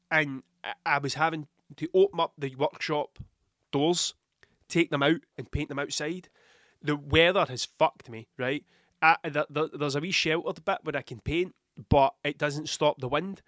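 A Scottish man talks in a loose, rambling monologue, full of blunt swearing and thick with a cold that sets him coughing. His voice sits a little high for a man. The recording is dry and close, with no room sound. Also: a bit bright, no room sound. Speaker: podcast host. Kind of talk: casual monologue.

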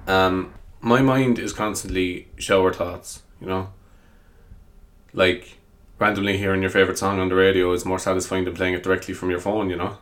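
A man's voice: low-pitched, fairly even intonation, normal speed. A man from hosting a rambling solo podcast, self-mocking and chatty, swearing casually and calling his listeners lads. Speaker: podcast host.

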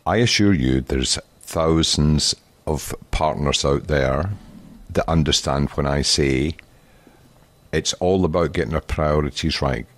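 A man with a Scottish accent co-hosting a podcast in casual chat, joking and deadpan with rambling asides, on a handheld mic. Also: rumbling low, unhurried. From Scotland. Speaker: podcast co-host. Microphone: handheld microphone.

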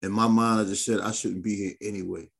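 A man hosting a podcast in casual chat, talking in an animated, slangy, emphatic way. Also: fairly low pitch, quick pace, vocal fry. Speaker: podcast host.

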